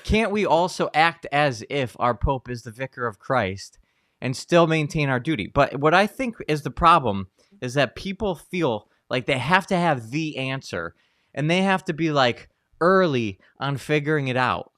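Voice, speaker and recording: A man co-hosting a casual talk show, telling stories in an animated way with many fillers and restarts. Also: fairly high pitch, moderate pace, no room sound, studio quality. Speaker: co-host, Catholic psychologist. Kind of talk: casual conversational commentary.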